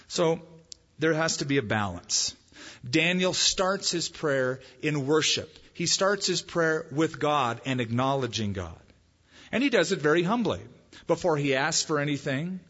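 Husky male preacher in an echoey hall. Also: on the high side, lo-fi sound. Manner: conversational preaching, lively emphasis. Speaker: pastor. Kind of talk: sermon.

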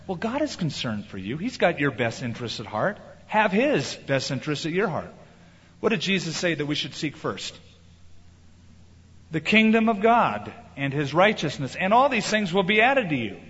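A middle-aged pastor delivers an emphatic sermon in a somewhat high voice. He leans into key words and slips into other voices for quoted lines. The recording carries the long echo of a large church sanctuary and sounds slightly muffled. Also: very animated, normal speed, a bit bright, breathy edge. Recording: reverberant hall, slightly muffled.

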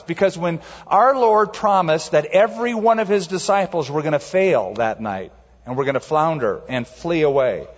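A man delivers a sermon in a large, echoing sanctuary, and his slightly husky voice sits a little high. He tells stories with lively, swooping pitch and acts out quotes in a raised voice. The sound is a bit muffled. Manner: animated storytelling, acting out quotes in a raised voice. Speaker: pastor.

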